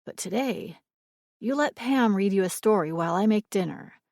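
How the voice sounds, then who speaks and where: A woman voicing a weary young father who talks to a small child quietly and patiently. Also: mid-range voice, expressive, moderate pace, no room sound, clean studio sound, natural voice. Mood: coaxing.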